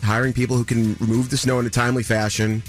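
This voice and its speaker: A man in his thirties telling a story on a morning radio show, animated and mimicking other people in a higher voice. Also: fast talker, faint music behind. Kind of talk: casual chat, telling a story.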